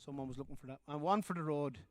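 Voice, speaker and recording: A man's voice: a little high, rapid-fire, dry recording. An Irish man, a folk singer and guitarist, chatting loosely between songs on a live stream, often trailing off and restarting.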